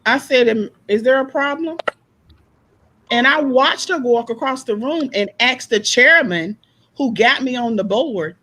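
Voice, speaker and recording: A woman in a casual panel discussion, telling stories in an animated way and acting out the people she quotes. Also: a little high, measured pace, rough recording. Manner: animated storyteller, acts out quoted voices. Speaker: panel guest.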